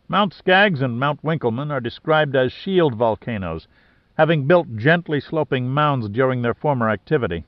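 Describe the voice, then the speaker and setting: A man narrating a thriller audiobook in a steady, even reading manner. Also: mid-range voice, normal speed, no echo. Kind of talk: scripted narration. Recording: dry, slightly dull lo-fi sound.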